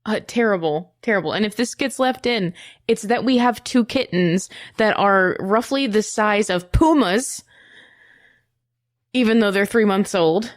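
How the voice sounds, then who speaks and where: A woman co-hosting a casual podcast who tells playful, animated stories. Her voice is close and dry, with no room echo around it. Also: medium pitch, measured pace. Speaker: podcast co-host. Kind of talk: casual chat.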